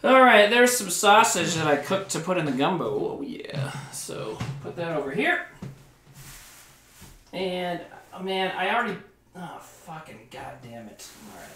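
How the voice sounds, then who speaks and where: A man's voice: high-pitched, very animated, unhurried, bright, forceful tone, faint music behind. A man streaming live while cooking in his home kitchen, rambling, swearing now and then, and chatting with his viewers. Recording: roomy kitchen with faint background noise.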